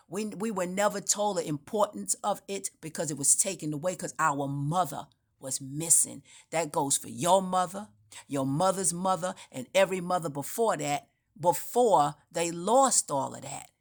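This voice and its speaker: A woman's voice: fairly low pitch, moderate pace. A woman giving an unscripted spiritual monologue, telling her story in a meandering, emphatic way with frequent restarts. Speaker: spiritual speaker.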